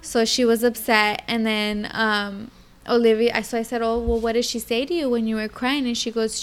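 A young woman chatting casually and telling a story in an animated way, acting out a little child's lines. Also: a little high, moderate pace, clean tone. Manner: animated storyteller, acts out her toddler's lines. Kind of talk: casual chat.

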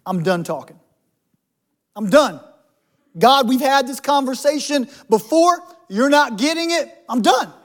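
A preacher acting out a sulking defiant prophet. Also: male voice, extremely high pitch, animated, unhurried, a bit bright, full character voice. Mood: sullen. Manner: petulant, indignant complaining.

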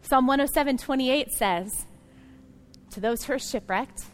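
A woman pastor preaches to her congregation in a high, unhurried voice, addressing them earnestly and directly. Her sermon builds into loud, emphatic passages.

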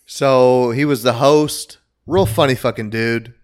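A man's voice: medium pitch, fairly even intonation, a little slow. A young man hosting a casual podcast, talking loosely and swearing freely. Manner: swearing, loud mock-announcer intro. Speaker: podcast host.

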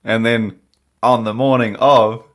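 A man's voice: medium pitch, steady tone, unhurried, a bit bright. A man co-hosting a casual podcast, telling an anecdote with lots of swearing. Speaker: podcast co-host. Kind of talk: casual storytelling among friends.

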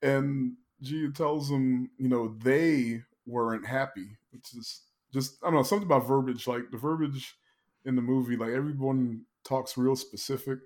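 A man's voice: medium pitch, moderate pace, a little mellow. A man hosting a podcast, casually retelling a film's scenes and laughing often. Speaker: podcast host. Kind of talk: casual film recap chat.

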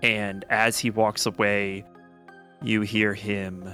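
Man narrating slowly, hushed. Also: fairly low pitch, little pitch movement, faint music behind. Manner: slow, hushed, descriptive narration. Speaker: game master. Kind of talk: narrating a tabletop game.

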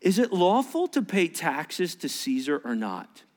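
A male pastor delivering a sermon, animated and joking, acting out little voices and sarcastic asides. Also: a little high, a little slow.

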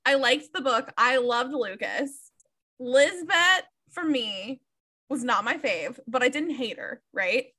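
A young woman talks through a book with a co-host in a loose, candid way. Her voice sits high and sounds bright and sharp. She laughs easily and drops swear words without a second thought. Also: expressive, slow pace. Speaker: podcast co-host. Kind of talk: casual book chat.

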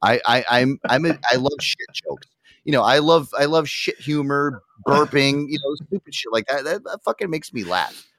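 Lively-pitched man swearing through a story. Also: normal speed, no room sound, studio quality. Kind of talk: casual storytelling chat.

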